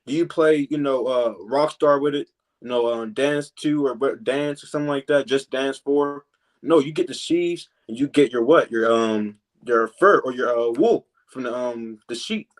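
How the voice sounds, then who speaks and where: A man teaching from scripture in a relaxed preaching style, filling pauses with "man" and "you know" and reading verses slowly. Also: medium pitch. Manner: reads verses slowly and deliberately.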